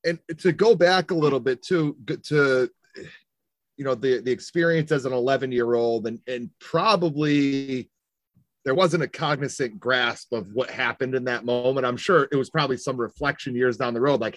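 A man's voice: medium pitch, moderate pace, dry recording. A man hosting an interview, asking long, winding questions with many restarts. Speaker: interview host.

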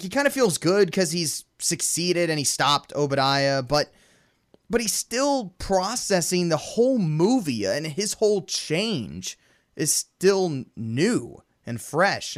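This podcast co-host is an excitable man whose voice runs slightly high for a male. He talks about movies in a relaxed way, laughing frequently and launching into performances of lines from the films.

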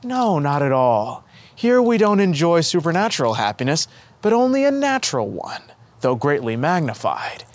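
A tender, earnest young boy saint, voiced by a man in a spoken storybook, his voice raised well above the reader's own and swinging lively in pitch. He asks kind questions patiently, with quiet warmth. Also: moderate pace, no echo. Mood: affectionate.

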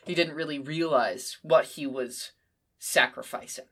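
Bright-voiced woman gushing, swearing casually. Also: low-pitched, unhurried, slightly rough. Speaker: podcast co-host. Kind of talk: casual comic-book podcast chat.

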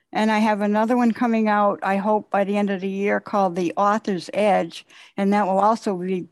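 A woman's voice: mid-range voice, no echo. A woman speaking as the guest poet on a conference call, patiently explaining with repeated phrases.

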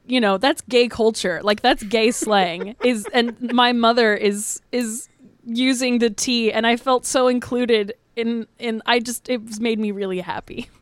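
A young woman co-hosting a podcast, telling a story with animated, giggly energy. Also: on the high side, unhurried, dry recording. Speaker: podcast co-host. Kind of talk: casual chat.

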